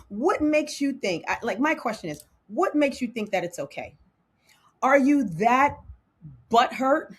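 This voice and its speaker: Husky-voiced woman, candid and animated. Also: medium pitch. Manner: candid and animated, laughs often, slows down to punch emphatic lines. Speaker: host. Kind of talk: casual talk to camera.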